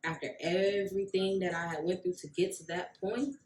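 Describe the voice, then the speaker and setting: Lady telling a storytime vlog, lowish voice, kinda echoey room, does all the voices. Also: moderate pace. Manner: animated storyteller, acts out quoted voices. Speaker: vlogger, rug maker.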